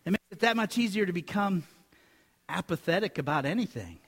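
High-voiced pastor in an echoing sanctuary. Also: male voice, animated, fairly quick, fairly bright tone, slightly rough. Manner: conversational, joking asides to the congregation. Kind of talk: sermon. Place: church sanctuary.

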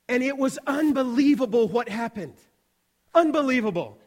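A man telling a mission story in a sermon, animated and acting out the voices of the people he quotes. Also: high voice, measured pace. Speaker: missions speaker. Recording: long reverb of a large hall.

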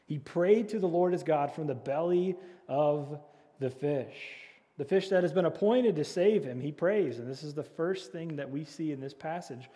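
A man's voice: a little high, unhurried, dark tone. Preaching man in a reverberant hall. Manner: earnest preaching with repeated key phrases; leads call and response with the congregation. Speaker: pastor. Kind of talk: sermon.

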